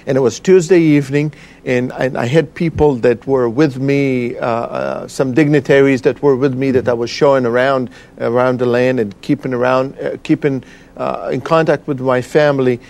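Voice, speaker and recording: A man tells a personal story in an interview, pausing often and searching for his words. His voice sits at a middle pitch, and his delivery is earnest and full of feeling. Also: fairly even intonation, gravelly, darkish tone. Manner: halting, emotional storytelling with many fillers. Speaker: guest. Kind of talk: personal testimony.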